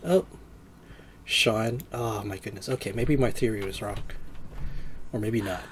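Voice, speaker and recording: A man's voice: on the low side, a little slow, slight background noise. A man giving casual gameplay commentary, chatty and joking, with surprised exclamations. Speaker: let's play gamer.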